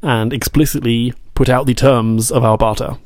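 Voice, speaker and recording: A podcast co-host chats casually and playfully, reading his messages aloud with mock drama. His mid-range voice keeps a steady tone at normal speed, in a dry, studio-quality recording.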